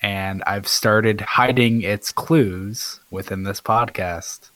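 A man with a lowish voice talks slowly and drawls his words in a casual podcast chat. His manner is teasing and playfully cryptic, and the sound is dry and close. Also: fairly even intonation, fairly bright tone, no echo, poor audio. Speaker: podcast co-host.

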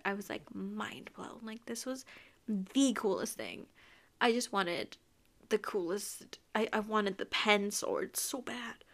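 A young woman hosting a casual book-recap podcast, excitable and gushing, with quick asides that sometimes drop to a whisper. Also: mid-range voice. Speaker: podcast host.

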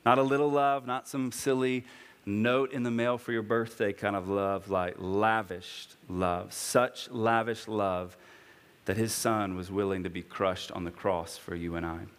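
A man in his thirties delivers a sermon in a lowish voice. He speaks earnestly and personally, and his delivery climbs into high, impassioned preaching. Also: fairly even intonation, a little slow, smooth, big-room sound. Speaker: pastor.

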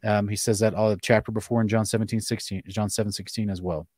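A man hosting a casual live-streamed discussion, reading scripture aloud in between quick restarts and short chuckles. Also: fairly low pitch, steady tone, darkish tone, no echo, clean studio sound. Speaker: host.

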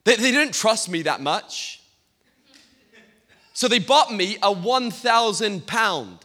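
A Scottish man preaches from the pulpit, spinning funny stories and tripping over repeated words. His voice sits high and sounds sharp and forceful. The sermon rings out with a long reverb through a church hall. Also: animated, slow. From Scotland. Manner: humorous storytelling, stammering repeats. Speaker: guest pastor.

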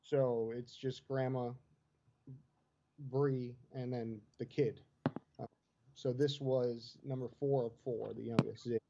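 A man's voice: mid-range voice, level tone, takes it slowly, creaky, pauses often. Man, co-host, laid-back, easygoing, casual sports chat, faint background hiss. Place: at home. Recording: dull lo-fi line with faint noise.

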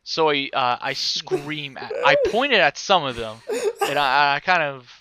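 Animated young man telling a story. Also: fairly high pitch, measured pace. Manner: animated, laughing storyteller, swears a lot. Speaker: storyteller in group chat. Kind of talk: casual chat.

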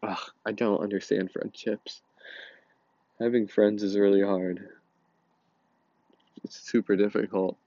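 A man in a personal confessional monologue, halting and repeating words, angry and overwhelmed. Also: on the low side, level tone, warm tone, no echo, dull audio. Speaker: podcast host.

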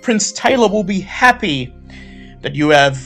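A man's voice: sits high, animated, a little slow, fairly bright tone, soft background music, voice pushed up, full character voice. A man voicing a poised, chatty female vampire herald who speaks with formal courtesy. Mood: gracious. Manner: gracious, chatty, sing-song formal hostess.

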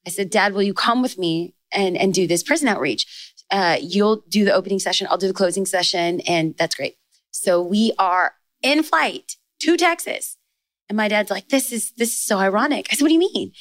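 A podcast guest, a young adult woman who works as an author and speaker, tells stories in a casual chat. The audio is dry. She speaks in rapid bursts, pitching up excitedly when quoting other people.

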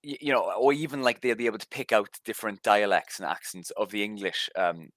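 A man's voice: lowish voice, fairly quick, fairly bright tone, no room sound. A man from Wales with a light Welsh accent, co-hosting a podcast in casual chat, rambling with many fillers and restarts. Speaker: podcast co-host.

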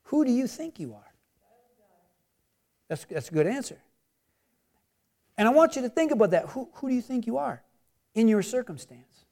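High-voiced man preaching conversationally. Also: darkish tone. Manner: conversational preaching with rhetorical questions and repetition. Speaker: pastor. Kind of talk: sermon.

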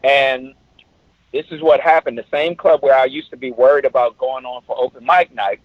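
A man's voice: mid-range voice, fairly even intonation, moderate pace, dry recording, highs cut off. A middle-aged man, a comedian guest on a podcast, telling a story with energy and acting out other people's voices.

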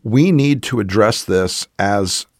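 Blunt low-voiced man. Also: slow pace, no echo, studio quality. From Southern United States. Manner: blunt, emphatic, sarcastic. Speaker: podcast guest, political commentator. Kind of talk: casual political conversation.

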